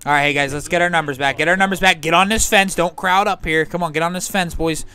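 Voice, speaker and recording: A man's voice: fairly high pitch, fairly even intonation, quick pace, sharp tone. A man streaming a game, leading his squad over voice chat and calling out repeated orders to keep firing and hold the line. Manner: commanding, rallying, repeats orders. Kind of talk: live gameplay voice chat, barking orders.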